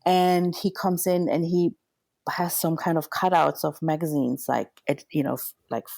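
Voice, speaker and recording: A woman working as a hair and makeup designer, chatting as a podcast guest and telling animated stories full of fillers. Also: deep voice, normal speed, creaky, no echo, clean studio sound. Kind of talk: casual interview storytelling.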